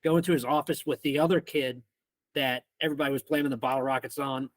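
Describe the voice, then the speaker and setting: A young man from Missouri telling a rowdy school story as a podcast guest, animated and swearing freely. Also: mid-range voice, fast talker, dry recording. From Missouri, United States. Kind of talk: casual storytelling.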